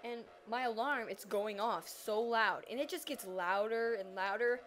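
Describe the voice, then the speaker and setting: A teenage girl telling a personal story in a casual vlog, animated and dramatic, acting out her own reactions. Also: a little high, a little slow. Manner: animated, dramatic retelling with acted-out quotes.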